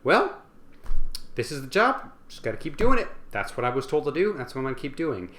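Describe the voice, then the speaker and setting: Man putting on a calm artillery captain, breezy, unbothered, bright, roomy echo. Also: medium pitch, brisk. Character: unflappable male artillery captain, calm under fire.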